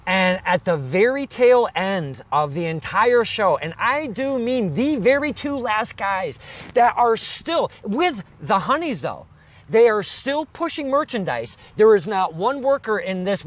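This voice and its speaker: Guy hosting a chat outside at a picnic table, kinda high voice, rambles and gets excited. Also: a little slow. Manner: excitable, rambling, self-deprecating. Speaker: interview show host. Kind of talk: casual interview chat. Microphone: own recording gear.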